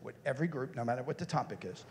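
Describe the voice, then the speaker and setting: A man, a motivational speaker, giving an animated conference keynote and putting questions straight to his audience. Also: medium pitch, very fast, gravelly, in a large hall.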